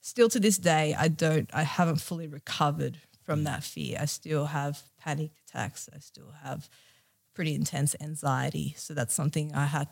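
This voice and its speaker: A woman's voice: low voice, steady tone, moderate pace, vocal fry, darkish tone. A young woman from Australia telling a personal story as a podcast guest, candid and emotional, with many fillers.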